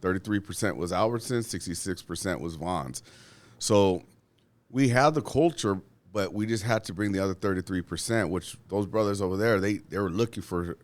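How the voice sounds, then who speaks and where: Lowish-voiced guy telling rough work stories, swears a lot, acts out the quotes. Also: moderate pace. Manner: profane, animated, acts out quotes. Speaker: guest, union steward. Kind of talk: casual storytelling.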